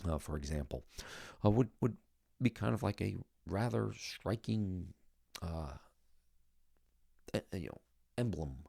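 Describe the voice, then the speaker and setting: A man with a deep, gravelly voice talks through a Bible passage in a relaxed, conversational way. He thinks aloud and presses on key words. The recording is close and dry. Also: no room sound. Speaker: Bible teacher and podcast host. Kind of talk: casual spoken Bible teaching.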